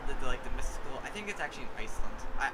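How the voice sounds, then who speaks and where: Fast-talking young man, rambling. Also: medium pitch, animated, very noisy. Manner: rambling, lots of restarts and fillers. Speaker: podcast co-host. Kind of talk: casual chat.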